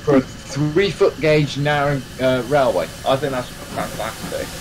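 A man's voice: mid-range voice, lively intonation, a little slow, slight background noise, low-quality recording. A man hosting a live game stream, chatting casually and rambling with lots of fillers and restarts. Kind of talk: casual chat while playing a train game.

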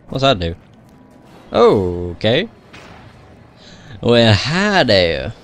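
Slow, low-voiced gamer cursing at the game. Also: male voice, lively intonation. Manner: swears a lot, grumbles at the game, laughs at himself. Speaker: gamer playing through a video game. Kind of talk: casual gameplay commentary.

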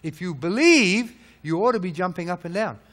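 A man preaching a sermon, firing rhetorical questions and swinging from loud peaks to low, hushed lines. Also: expressive, moderate pace. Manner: emphatic, hammering rhetorical questions.

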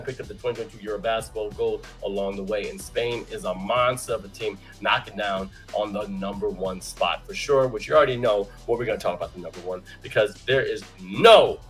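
Young male sports host, lively pitch, hype bursts and relaxed asides, faint music bed. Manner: hyped, shouty bursts between laid-back asides. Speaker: show host. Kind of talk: energetic basketball show hosting.

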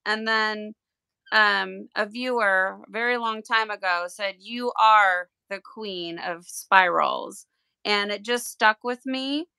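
A woman hosting a tie-dye livestream, chatting casually and gushing with excitement. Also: mid-range voice, takes it slowly, creaky, clear, resonant tone, dry recording. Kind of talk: casual livestream chat while unboxing.

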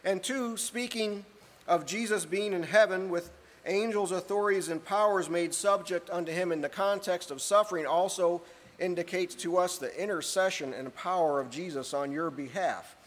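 A man preaching an earnest sermon, reading scripture aloud and often clearing his throat. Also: sits high, normal speed. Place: church hall. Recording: long hall reverb.

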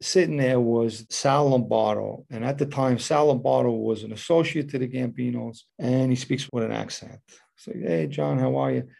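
A man's voice: mid-range voice, steady tone, normal speed, creaky, few pauses, a little mellow. A man recounting a personal story in a casual, matter-of-fact, street-talk manner. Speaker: former mob associate telling a story.

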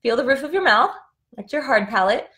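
Her voice sits a little high and moves fairly quickly, with plenty of expression. She's a young woman leading a live singing lesson in a tired voice, explaining exercises and breaking off to sing and yell example notes.

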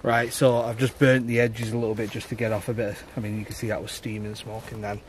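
A young man chatting excitedly while camping in the woods at night. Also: fairly low pitch, quick pace, a little hiss or hum. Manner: excitable, talks over others. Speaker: paranormal vlogger. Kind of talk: casual chat.

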